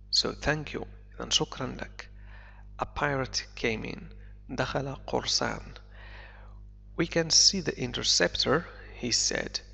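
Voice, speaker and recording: A male English teacher whose first language is Arabic reads a story aloud, translating it line by line. He talks slowly and repeats key words for learners. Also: medium pitch, gravelly, sharp tone. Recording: echoey, dull lo-fi recording.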